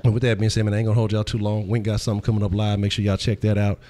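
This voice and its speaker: A man hosting a casual sports talk stream, loose and profane, full of hyped shout-outs. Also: fairly low pitch, monotone, racing, slight background noise. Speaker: host.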